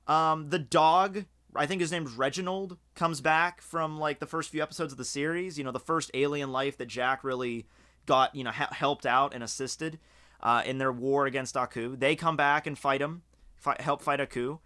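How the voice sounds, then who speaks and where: A man from Scotland giving casual, rambling video commentary, excited and swearing freely, with lots of fillers. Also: fairly high pitch, moderate pace. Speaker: video reviewer.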